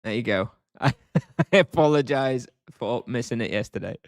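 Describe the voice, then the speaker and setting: Relaxed man streamer chatting with viewers. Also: mid-range voice, normal speed, no echo, clean studio sound. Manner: relaxed, thinks aloud with fillers and restarts, chuckles often. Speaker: game streamer. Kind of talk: casual live-stream chat, answering chat questions.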